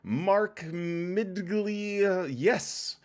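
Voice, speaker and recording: A man's voice: high-pitched, drawn-out words. A man hosting a casual livestream, greeting viewers in chat by name and chatting in a loose, rambling, joking way. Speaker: livestream host.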